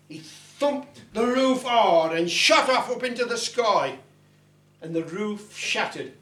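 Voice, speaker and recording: A man telling a story at a folk club, his voice rising and falling widely. He speaks slowly and sits far from the mic in a roomy room. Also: on the high side, a bit bright.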